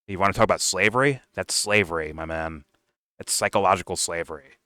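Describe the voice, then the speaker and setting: Deep-voiced man reacting to a clip. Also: pushed and bright, no echo. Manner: rambling, profane, pauses the clip to comment. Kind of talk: casual reaction commentary.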